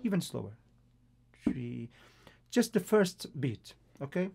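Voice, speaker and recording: A Portuguese man with a Portuguese accent teaches a guitar tutorial, patiently counting beats over acoustic guitar playing. His voice is on the high side and unhurried.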